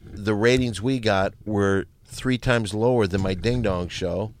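A boastful, combative man hosting a comedy show, in sketch banter with sudden loud bursts. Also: lowish voice, measured pace, a little hiss or hum.

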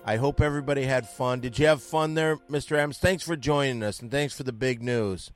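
A man's voice: medium pitch, fairly quick, faint music behind. A man hosting a comedy podcast, talking in a loose, rambling, jokey way. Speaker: podcast host. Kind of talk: casual comedy podcast banter.

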